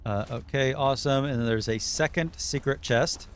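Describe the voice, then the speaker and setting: A man's voice: medium pitch, moderate pace, smooth, faint music behind. A man casually thinking aloud while live streaming a video game, his throat getting a little sore. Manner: relaxed, muttering and thinking aloud while playing.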